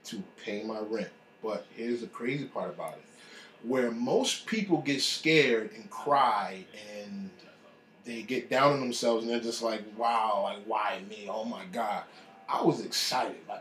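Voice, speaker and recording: A man's voice: medium pitch, expressive, a little slow. A man casually telling a personal faith story. He talks with animation and acts out the voices of people he quotes. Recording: echoey room.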